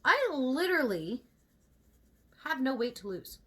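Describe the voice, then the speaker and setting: A woman's voice: high-pitched, big pitch swings, a little slow, pushed and bright. A woman vlogger chatting casually while she gets ready, venting in a candid and emphatic way.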